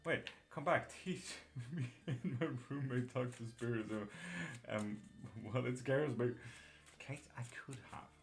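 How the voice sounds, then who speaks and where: A man's voice: medium pitch, measured pace, faint music behind. A man with a patchy mixed Irish-British accent, chatting casually on a live tarot stream, swearing offhand and laughing as he reads out viewers' messages. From Sweden. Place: home streaming setup in England.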